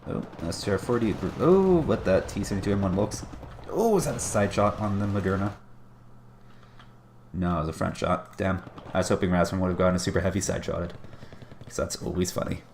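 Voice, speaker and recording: Low gravelly guy casting a strategy game, chatty and wry, bit of hiss behind. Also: fairly quick, darkish tone. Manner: chatty, wry, self-deprecating asides. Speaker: game caster. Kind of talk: casual strategy game commentary.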